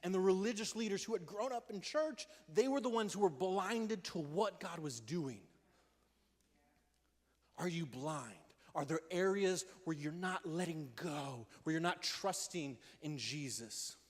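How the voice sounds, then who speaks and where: A man gives a lively, conversational youth sermon in a church, his voice sitting fairly high for a man. The big hall carries a long reverb behind every phrase. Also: unhurried. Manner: energetic and conversational, acting out quotes in voices. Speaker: youth pastor.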